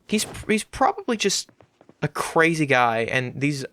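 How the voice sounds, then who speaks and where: A man rambling through casual let's-play commentary as a gaming YouTuber, with sudden loud outbursts and swearing. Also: fairly high pitch, sing-song, measured pace.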